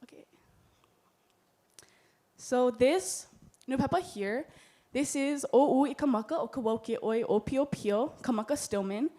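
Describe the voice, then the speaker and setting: A woman's voice: high voice, measured pace, pauses often, dark tone. A young woman with a Hawaiian accent giving an earnest, heartfelt symposium presentation, with Hawaiian words in her speech. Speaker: student presenter. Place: lecture hall.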